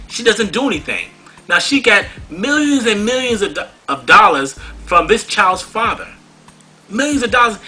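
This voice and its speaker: A man's voice: high voice, pushed and bright, husky, poor audio. A man hosting a talk show, delivering a preachy, scolding monologue full of rhetorical questions. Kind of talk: monologue commentary.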